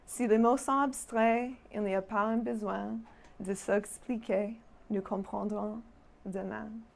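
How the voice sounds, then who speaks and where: A young adult woman performing spoken-word poetry live, with a measured rhythmic recitation and chatty, laughing asides between poems, in a small performance venue. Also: mid-range voice, steady tone, gravelly, background noise. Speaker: poet.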